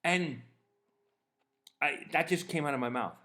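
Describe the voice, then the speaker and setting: A man in his fifties casually telling a personal story, animated and swearing as he acts out both sides of the exchange. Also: on the high side, fast talker. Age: 50s. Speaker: podcast host.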